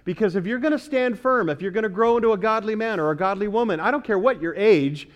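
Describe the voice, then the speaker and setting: High-voiced preacher quizzing his congregation. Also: fast talker, hardly any pauses. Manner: asks the congregation questions and repeats key words. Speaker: pastor. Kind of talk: sermon.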